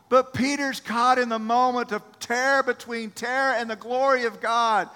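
A man preaching a sermon as pastor, animated, acting out the voices of people in the story. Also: very high-pitched, moderate pace, few pauses, smooth, in a large hall.

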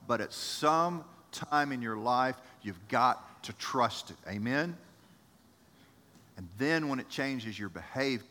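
A man preaching a sermon as pastor, animated, acting out the voices of people in the story. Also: mid-range voice, big-room sound.

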